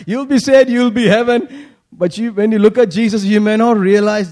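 A man from Kerala with an Indian accent, preaching an energetic sermon, shouting and laughing with playful asides. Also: high voice, unhurried.

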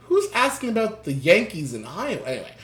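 A quiz host in casual chat, reading questions aloud, laughing often, swearing and reacting with loud dismay. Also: mid-range voice, wildly swooping pitch, a little fast. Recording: roomy echo.

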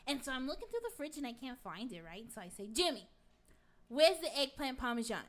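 A woman's voice: high-pitched, sing-song, fairly quick, fairly bright tone. A woman playing a brash, crude middle-aged gossip in a comic sketch, rambling through a story with plenty of swearing. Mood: brash, gossipy. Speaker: guest.

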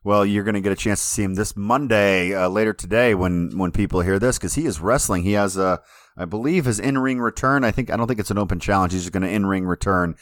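A man's voice: fairly low pitch, fast talker, no echo, studio quality. A man co-hosting a casual podcast about wrestling over a remote call. He talks in an easygoing, hesitant way and often stops to restart his sentences. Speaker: podcast co-host.

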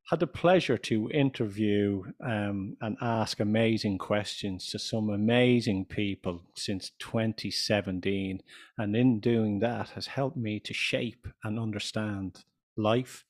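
A man in his fifties with an Irish accent, speaking slowly and deliberately as a podcast guest, with dry jokes. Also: on the low side. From Ireland. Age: 50s. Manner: slow, deliberate, joking. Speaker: guest, business consultant. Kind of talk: podcast interview.

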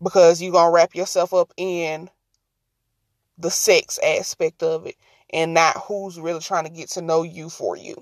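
A woman's voice: lowish voice, unhurried, no room sound. A woman giving casual, brash commentary on a vlog, scolding and joking, then talking herself down. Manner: sassy, brash, talks to herself to calm down. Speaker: vlogger.

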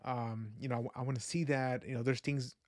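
A man's voice: mid-range voice, steady tone, fairly quick, darkish tone, dry recording. A man talks through a casual podcast monologue in a mid-range voice, earnest and reflective. He rambles and restarts, leaning on "you know" and "like". The sound is dry and close, with no room around it. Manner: reflective and faith-minded. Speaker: podcast host.

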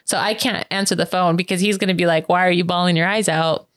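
Woman, casual storyteller, animated, plays the quoted voices, dry mic. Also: fast, no room sound. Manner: animated, many fillers like "like" and "um"; acts out quoted voices with sharp pitch jumps. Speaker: interview guest.

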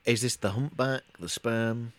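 A man's voice: mid-range voice, fairly even intonation, unhurried, a bit bright, no room sound. A middle-aged man co-hosting a podcast, rambling in casual chat with lots of restarts and hesitations. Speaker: podcast co-host.

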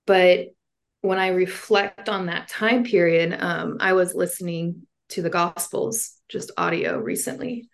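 A woman's voice: on the low side, vocal fry. A woman, a guest on an interview show, sharing a personal faith testimony in an earnest, heartfelt way with casual fillers.

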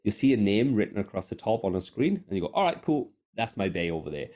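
A man's voice: lowish voice, quick pace. A man co-hosting a podcast, telling stories in a casual chat, swearing freely and poking fun at himself. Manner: sweary, animated, self-mocking. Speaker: podcast host. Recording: podcast microphone.

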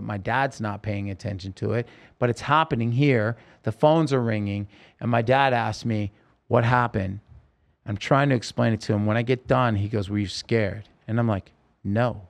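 Gravelly man telling an emotional story. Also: on the low side. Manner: emotional, halting storytelling with many restarts. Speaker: podcast guest. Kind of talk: telling a personal story in a podcast interview.

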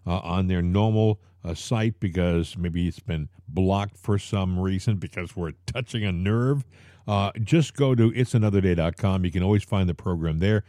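A man's voice: deep voice, normal speed, warm tone, no echo, clean studio sound. A man co-hosting a casual political talk show, joking and mocking with frequent chuckles. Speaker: co-host.

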